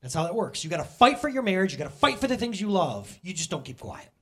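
Husky, lively male pastor preaching. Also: sits high, fast. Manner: joking, animated, talks straight to the congregation. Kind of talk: casual conversational sermon.

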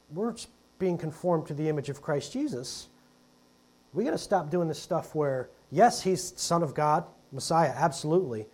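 A man's voice: fairly high pitch, a little mellow, husky. A man preaching a sermon to his congregation, conversational and chatty, often calling them "guys". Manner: conversational, calls the congregation "guys", jokes aside. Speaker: pastor. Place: church hall with a congregation.

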